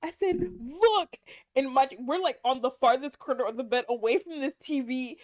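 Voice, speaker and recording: A woman's voice: high voice, moderate pace. A young woman co-hosting a podcast, telling a story in casual chat and acting out the quotes with big jumps in her voice. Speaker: podcast co-host.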